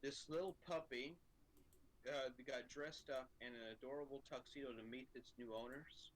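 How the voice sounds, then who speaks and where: An American man chatting casually while gaming with friends, animated and goofy. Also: mid-range voice, normal speed, rough recording. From United States. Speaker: co-player.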